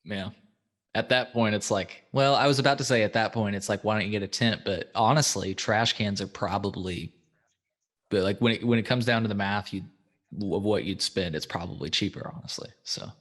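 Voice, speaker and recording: Chill guy hosting a podcast, lowish voice, swears a lot, rambles w fillers. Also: a little fast, fairly bright tone. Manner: laid-back, swears freely, lots of fillers. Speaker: podcast host. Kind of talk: casual chat.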